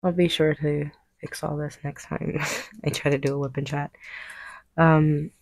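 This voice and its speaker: Young woman, low gravelly voice, chatty crafting vlog, laughs a lot, dry close sound. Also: level tone, unhurried, a little mellow, dry recording. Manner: chatty, laughs often, restarts sentences. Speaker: crafter vlogger. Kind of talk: casual chat while crafting.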